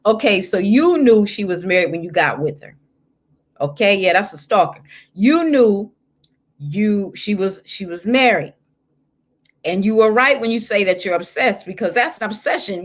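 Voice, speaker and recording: A woman's voice: medium pitch, a little slow. Sassy woman host reading confessions. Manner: sassy, animated, talks straight to the listener. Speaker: host and life coach. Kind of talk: casual chat reading listener confessions.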